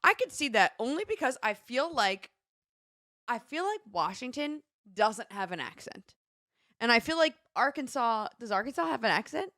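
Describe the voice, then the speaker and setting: A woman co-hosts a morning radio show in a teasing, lively way, reading listener texts aloud between jokes. Her voice is bright and forward, recorded close and dry in a studio with no room echo. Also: on the high side, moderate pace. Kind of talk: casual morning-show banter.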